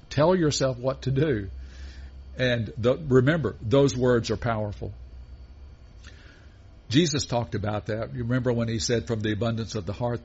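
A pastor delivers a sermon in a husky, slightly breathy voice, speaking at a mid pitch. He works through his points in a measured way and poses question after question to his listeners. The recording sounds dull and lo-fi. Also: a little mellow. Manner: measured preaching with rhetorical questions.

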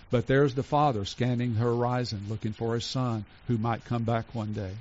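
A pastor preaching a sermon in an earnest way, slowing down to stress each item in a list and going soft for tender points. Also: male voice, medium pitch, fairly even intonation. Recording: dull lo-fi recording.

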